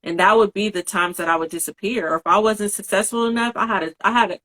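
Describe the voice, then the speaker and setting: A woman co-hosting a podcast in a relaxed, supportive way, often backing others up with a quick yeah. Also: mid-range voice. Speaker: podcast co-host. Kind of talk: casual podcast chat.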